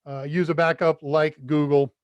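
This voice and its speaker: A man's voice: on the high side, little pitch movement, moderate pace, no echo, dull audio. A man from the United States hosting a casual live Q&A stream, chatty and self-deprecating, reading out viewer comments and laughing at his own jokes. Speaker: livestream Q&A host.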